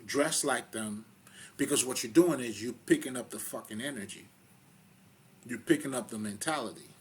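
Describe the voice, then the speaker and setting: A man giving a casual spiritual talk, rambling and profane, full of fillers and loud laughs between points. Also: medium pitch, normal speed, breathy edge. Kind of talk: casual spoken monologue.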